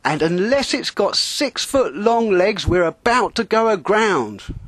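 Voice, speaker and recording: A man's voice: high voice, sing-song, measured pace, fairly bright tone, no room sound, voice pushed up, exaggerated voice. A man voicing a panicking male sailing skipper who bellows frantic orders at his crew. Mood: bellowing panic.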